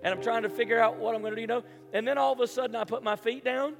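Southern-raised male pastor, high voice, animated storytelling sermon, long hall reverb, music underneath. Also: racing. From American South. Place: large church hall.

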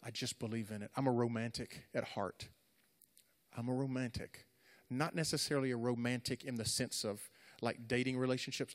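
A middle-aged man preaching to young people in an earnest, repetitive, conversational way. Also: medium pitch. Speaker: youth pastor. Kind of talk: sermon. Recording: echoey hall.

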